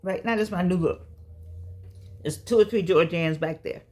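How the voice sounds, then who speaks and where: A woman's voice: lowish voice, moderate pace, darkish tone. A woman, giving a chatty, emphatic motivational talk to camera. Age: 60s. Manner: chatty, preachy, folksy and emphatic. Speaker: vlogger speaking to seniors.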